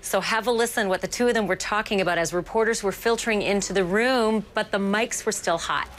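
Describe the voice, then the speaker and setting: TV anchor woman, brisk and playful, runs the panel. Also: mid-range voice, a little hiss or hum. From Canada. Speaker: news anchor. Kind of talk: live TV news panel.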